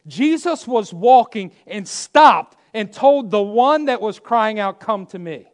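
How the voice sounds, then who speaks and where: High-voiced man preaching with swings. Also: lively intonation, takes it slowly. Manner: emphatic and repetitive, swinging from loud to hushed. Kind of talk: sermon.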